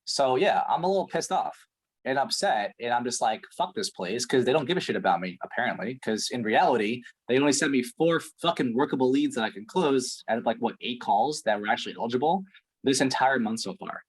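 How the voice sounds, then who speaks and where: A man's voice: mid-range voice, quick pace, slightly rough. A man playing a frustrated prospect in a sales call role-play, ranting and swearing heavily. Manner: ranting, profane, exasperated.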